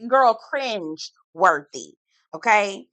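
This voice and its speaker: Speaking at a medium pitch in a clean, echo-free recording, a female recap reviewer tears through a reality TV show. Her delivery is slangy, sassy and blunt, with words stretched out for lively emphasis.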